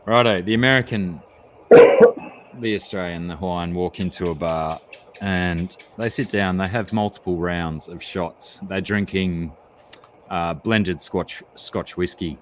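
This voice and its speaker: A man with a very low, rumbling voice spins out a joke with deliberate pacing. He talks casually, as if among friends on a stream. A faint background hum is audible. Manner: drawn-out, deliberate storytelling. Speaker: stream guest. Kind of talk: casual chat and joke telling.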